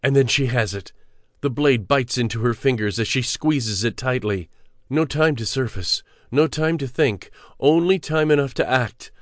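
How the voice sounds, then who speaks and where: Male audiobook narrator, measured and steady, mid pitch, dry studio sound. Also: dry recording. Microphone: close studio mic.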